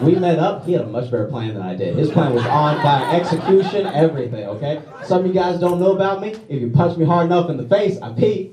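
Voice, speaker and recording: Self-deprecating stand-up comic in an echoey venue. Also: male voice, on the high side, expressive, a little fast, few pauses, recorded from a distance. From Louisiana, USA. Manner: self-deprecating, conversational, frequent "okay?" asides. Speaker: stand-up comedian. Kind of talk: stand-up routine. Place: large comedy venue with audience. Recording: echoey live venue audio from afar, crowd laughter.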